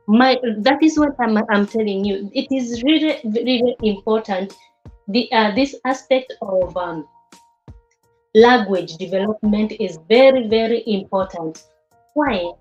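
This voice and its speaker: A woman teaching a class on early childhood development, speaking haltingly and often repeating or restarting words. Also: mid-range voice, a little mellow, faint music behind. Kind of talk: class lecture with students. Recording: slightly dull lo-fi recording.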